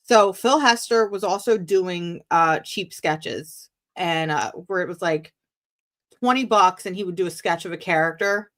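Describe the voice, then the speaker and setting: A woman telling an animated story as a guest on a live-streamed video call interview, acting out the dialogue. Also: fairly low pitch, a little slow.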